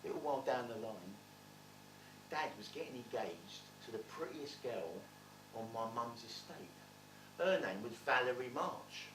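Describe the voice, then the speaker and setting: A man performing a stage monologue, playing a streetwise man telling his rough childhood with blunt, swearing wit. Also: medium pitch, animated, a little slow, background noise, natural voice. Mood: wry. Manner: wry, blunt, swearing storyteller. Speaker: stage actor in a one-man play. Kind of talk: theatrical monologue storytelling. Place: theatre stage. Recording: roomy theatre, distant mic.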